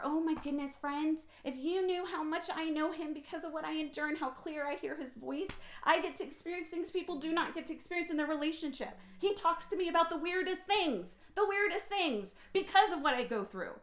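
Woman preacher, higher voice, emphatic and swinging between hushed and fired up, echoey phone recording. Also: fairly quick, few pauses. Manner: emphatic, swings from quiet to loud and excited. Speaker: podcast host and preacher. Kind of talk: impassioned personal sermon.

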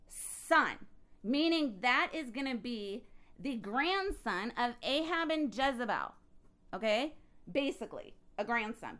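A woman teaching a Bible study in a chatty, animated way, reading scripture and adding her own asides. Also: a little high.

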